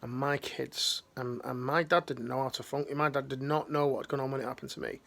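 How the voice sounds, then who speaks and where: A man's voice: mid-range voice, fairly even intonation, fairly quick, creaky, a bit bright. A middle-aged man, talking earnestly and slangily, rambling with restarts in a motivational talk. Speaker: life coach, ex-military.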